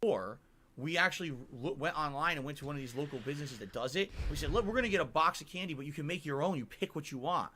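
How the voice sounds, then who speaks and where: A man's voice: fairly high pitch, animated, fast, bright, forceful tone, a little hiss or hum. A middle-aged man from Connecticut telling a long-winded, emphatic vlog story and checking in with the listener. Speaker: vlogger. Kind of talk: rambling vlog monologue.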